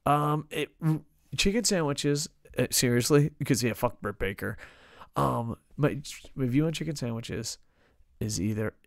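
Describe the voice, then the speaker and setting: A gravelly-voiced man from New Jersey co-hosts a loose wrestling review, swearing freely and laughing through his rants. His voice sits at an ordinary middle pitch and is recorded close and dry, with no room sound. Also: lively intonation, a little slow, no room sound. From United States, New Jersey. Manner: profane, emphatic, laughs often. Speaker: podcast co-host. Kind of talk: casual wrestling review chat. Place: lives in Japan.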